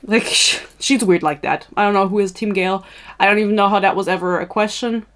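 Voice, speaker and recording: A woman's voice: mid-range voice, fairly quick, fairly bright tone. A woman hosting a podcast in a casual, tangential chatty style, swearing freely and laughing at her own asides. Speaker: podcast host.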